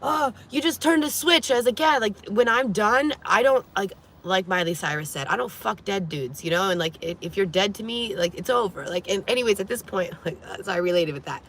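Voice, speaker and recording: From inside a vehicle, a woman vlogger tells a personal story to camera, casual and animated, frank and profane, and peppered with "like." Her voice is medium in pitch and her pace fairly quick.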